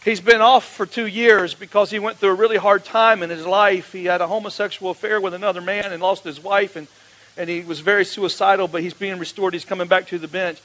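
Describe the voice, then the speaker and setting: High bright-voiced preacher man. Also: fairly even intonation, brisk, low-quality recording. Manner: acts out dialogue, folksy and emphatic. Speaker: pastor. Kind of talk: sermon testimony storytelling.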